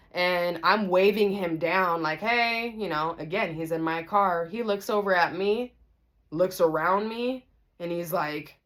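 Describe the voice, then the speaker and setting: A woman vlogger telling a story to the camera, casual and animated, acting out the voices of the people in it. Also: fairly low pitch. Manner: animated, acts out everyone's voices.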